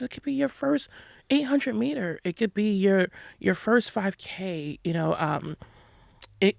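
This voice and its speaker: A woman's voice: fairly low pitch, vocal fry, dry recording, clean studio sound. A New woman, telling her running story candidly as a podcast guest, laughing often. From New York City. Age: 30s. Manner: animated, frank, laughs often. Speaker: podcast guest, endurance runner.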